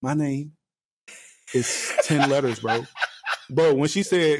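Animated young man telling stories. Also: normal speed, slight background noise. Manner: animated storyteller, acts out his mother in a high voice. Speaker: podcast co-host. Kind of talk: casual podcast chat.

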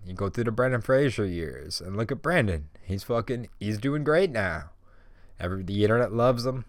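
Low-voiced man ranting with heavy swearing. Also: no echo. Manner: heated, swearing constantly, fillers like "bro" and "like". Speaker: podcast host. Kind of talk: casual profane rant.

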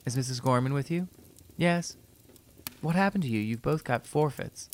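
A man voicing an eager young man in a spoken story, calling out in a raised, high voice. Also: moderate pace, a little mellow, slight background noise, close to an everyday voice.

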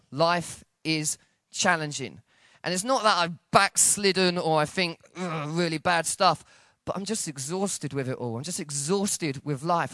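Animated preacher in a sermon. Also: male voice, no echo, clean studio sound. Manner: animated storytelling, acting out dialogue with shifts in pitch and loudness.

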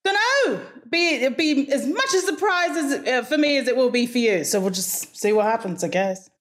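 A woman's voice: a little high, normal speed. A woman from Hawaii with an English-leaning accent, a guest talking frankly and chattily in a casual interview, often laughing.

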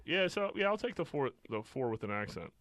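A man's voice: mid-range voice, big pitch swings, a little fast, fairly bright tone, dry recording, clean studio sound. A man co-hosting a casual podcast, making blunt, crude jokes. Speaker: podcast co-host.

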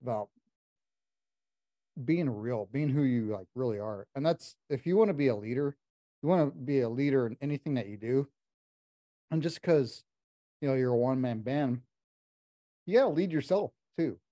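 A man hosting a podcast in a casual, reflective chat, rambling a little as he thinks out loud. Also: mid-range voice, lively intonation, moderate pace, pauses often, no echo, muffled recording. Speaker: podcast host.

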